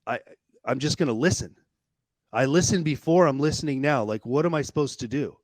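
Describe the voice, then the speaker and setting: Fast-storytelling man, dry close sound. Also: mid-range voice, no room sound. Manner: animated, swears freely, repeats words while racing ahead. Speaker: podcast guest. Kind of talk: casual storytelling.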